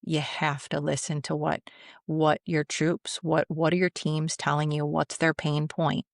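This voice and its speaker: On a podcast, a middle-aged woman who retired as a police commander spins vivid, anecdotal stories from the job, voicing the people she quotes. She speaks at a measured pace in a low, creaky voice with little variation in pitch, recorded at studio quality without echo.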